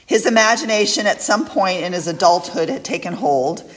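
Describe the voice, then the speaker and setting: A woman preaching a sermon, reading a poem aloud in a slow, reflective way. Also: lowish voice. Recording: echoey hall.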